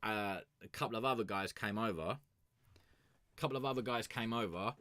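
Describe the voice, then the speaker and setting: A man's voice: on the low side, normal speed, bright, forceful tone, no room sound. A young man hosting a music review stream, telling a rambling, sweary story in a casual chat.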